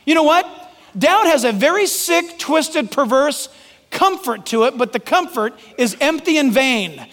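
A man's voice: very high voice, expressive, a little slow, a bit bright, long reverb tail. A man preaching a sermon as pastor, emphatic and joking, calling on listeners by name.

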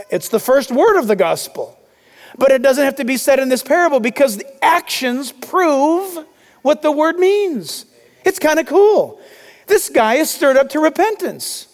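A man preaching a sermon as pastor, emphatic and urgent, calling out loudly to his listeners. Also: very high voice, big-room sound.

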